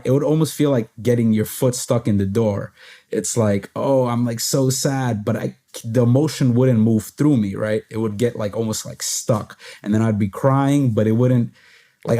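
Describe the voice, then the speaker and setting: A man's voice: on the low side, warm tone. A man hosting a podcast, talking casually and at length, full of "like" fillers and laughing at himself now and then. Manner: rambling, heavy use of "like" fillers, laughs at himself. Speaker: podcast host. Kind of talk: casual conversation.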